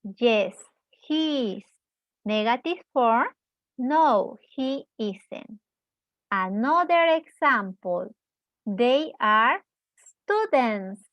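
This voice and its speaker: Slow, deliberate woman teacher. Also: a little high, lively intonation, dry recording, muffled recording. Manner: switches between Spanish and English, asks the class questions and praises them. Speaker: English teacher. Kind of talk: slow, deliberate classroom explanation.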